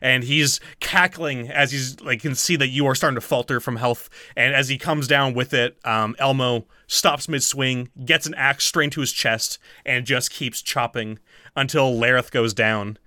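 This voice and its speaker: A man's voice: medium pitch, steady tone, moderate pace, pushed and bright, no echo, clean studio sound. A man running a tabletop game as game master, rambling with fillers, swearing casually and laughing often.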